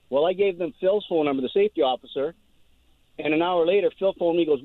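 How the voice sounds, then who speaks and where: A man's voice: fairly high pitch, animated, fast, dry recording. A man calling in to a radio show, telling a rambling, aggrieved story and stumbling over repeated words. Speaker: caller. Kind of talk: phone call-in story. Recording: tinny dry phone line.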